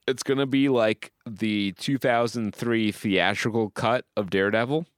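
A man's voice: low voice, smooth, no room sound, studio quality. A young man co-hosting a podcast, chatting casually about movies in a rambling way, often restarting sentences and laughing. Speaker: podcast co-host.

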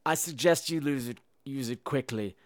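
A man's voice: medium pitch, moderate pace, no room sound, pitched below the performer's own voice, lightly acted. A man voicing an elderly mournful man who speaks in a formal, ominous way. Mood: grave, ominous.

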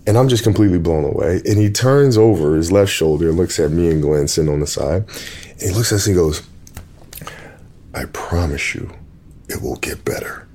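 Male guest, lowish voice, eager storyteller who restarts and repeats words. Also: fast, dark tone. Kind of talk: excited anecdotal storytelling.

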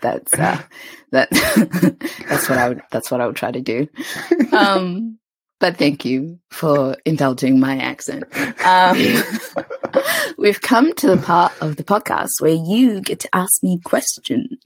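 Low, husky American woman. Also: slow, no room sound. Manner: laughs easily, animated storyteller. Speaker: podcast host. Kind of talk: casual chat.

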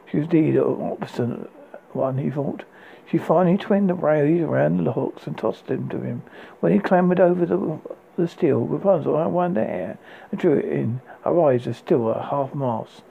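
A man's voice: fairly high pitch, gravelly, breathy edge, narrow, tinny audio. A man reading a fairy tale excerpt aloud, stumbling and restarting now and then. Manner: halting read with restarts. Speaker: audiobook narrator.

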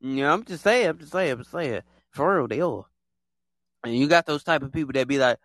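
A man hosting a casual monologue, talking in an animated, repetitive way and acting out other people in quick put-on voices. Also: mid-range voice, no echo. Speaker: podcast host.

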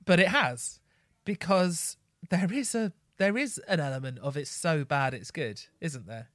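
A man's voice: on the high side, unhurried, fairly bright tone, no room sound, studio quality. A man co-hosting a podcast, reflecting in casual chat with asides and fillers. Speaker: podcast co-host.

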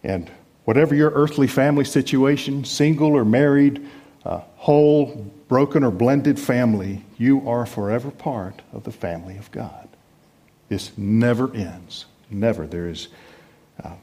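A middle-aged man from the United States preaching a sermon in a conversational, self-deprecating way with lively emphasis. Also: mid-range voice, normal speed. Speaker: pastor.

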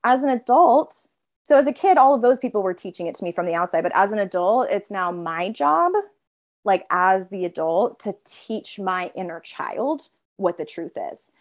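A woman's voice: mid-range voice, expressive. A woman therapist talking casually in an interview, filling her speech with "like" and briefly voicing her own inner parts. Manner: chatty, heavy use of filler "like"; voices her inner parts in quick asides.

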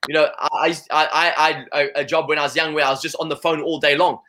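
A man chatting as an interview guest, his words tumbling out at a quick clip. His voice is bright and sits a little high. He talks with loose, restless energy. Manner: energetic, repeats "you know" often. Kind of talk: casual conversational interview.

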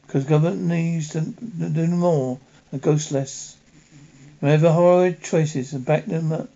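An actor playing a ghoulish male horror host who mocks the characters with puns, with a gravelly voice, on a dull lo-fi TV soundtrack. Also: fairly high pitch, dark tone. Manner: mocking, relishing wordplay. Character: cackling ghoulish male crypt-dwelling host, gleefully punning. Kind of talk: 1980s TV horror anthology acting. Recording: dull lo-fi TV audio.

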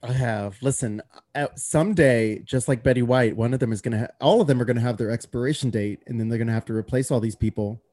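A man hosting a casual podcast chat, animated and quick to laugh, full of campy slang. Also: medium pitch. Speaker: podcast host.

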